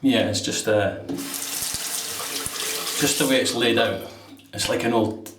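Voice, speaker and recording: Standing at a sink with the tap running and water splashing, a shaving vlogger with a London English accent rambles casually through an anecdote, occasionally laughing. He's from England and has a mid-range voice at a slow pace. The mic is distant, the bathroom echoey, and there's background noise.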